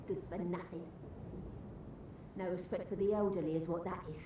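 Actress plays a bitter elderly shut-in, scolding and resentful, game voice in a hissy room. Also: female voice, on the low side, steady tone, moderate pace, muffled recording, natural voice. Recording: game audio, echoey with noise.

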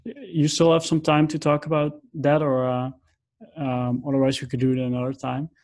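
A man's voice: on the high side, little pitch movement, normal speed, a little mellow. A man hosting an interview, asking questions hesitantly with many fillers such as um and like, his questions often trailing off. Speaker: podcast host. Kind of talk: conversational interview.

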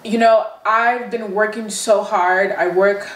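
A woman talking in a casual travel vlog, effusive and emphatic, repeating how excited and grateful she feels. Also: mid-range voice, takes it slowly, reverberant, low-quality recording. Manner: gushing, effusive, emphatic repetition. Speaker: travel vlogger. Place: hotel resort room. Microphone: phone held while walking.

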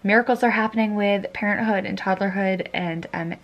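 A woman's voice: medium pitch, a little fast, highs cut off. A young woman, a single mom, chatting casually to camera in a rambling vlog style with lots of fillers.

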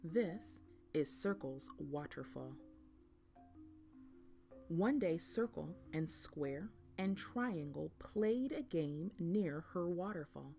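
Woman storyteller, children's read-aloud, very animated melody, soft music underneath. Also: sits low, creaky. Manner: slow, expressive storybook delivery.

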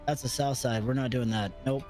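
A man's voice: medium pitch, fairly even intonation, fairly quick, music in the background. A man role-playing a police officer in a game, talking in a casual, rambling, laughing way.

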